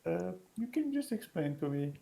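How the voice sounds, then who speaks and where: A man takes his turn in a tabletop game, talking casually and a little uncertainly as he moves between speaking as his character and describing what he does. His voice is gravelly and mellow. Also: sits high, sing-song, moderate pace, slight background noise. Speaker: player.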